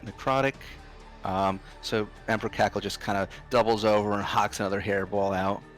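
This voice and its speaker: Man, game master, low voice, loose and relaxed narration full of ums, faint music behind. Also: fairly quick.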